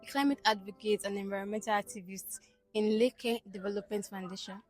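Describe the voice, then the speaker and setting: A woman's voice: mid-range voice, fairly even intonation, brisk, no echo, soft background music. A Nigerian woman climate advocate answering an interview question, stressing her key phrases emphatically. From Niger Delta, Nigeria.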